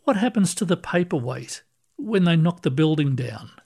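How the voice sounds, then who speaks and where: A man putting on a gentle, bewildered ghost of a retired woman. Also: fairly high pitch, big pitch swings, normal speed, breathy edge, full character voice. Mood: wondering. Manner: soft, wondering questions.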